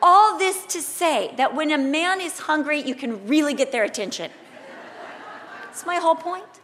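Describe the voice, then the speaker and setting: A middle-aged woman preaching a sermon, switching between scripture teaching and a lively personal story, acting out quotes loudly. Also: high-pitched, moderate pace, slight background noise.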